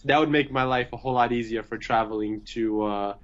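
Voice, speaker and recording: A man's voice: medium pitch, brisk. Easygoing young man on a dull mic. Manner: relaxed, easygoing, many fillers and hesitations. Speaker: podcast guest. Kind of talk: casual chat. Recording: slightly dull, lo-fi sound.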